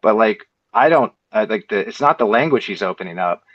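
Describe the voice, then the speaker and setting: A man's voice: lowish voice, expressive, brisk, highs cut off. A man in a casual discussion who asks long, rambling, searching questions. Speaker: discussion participant.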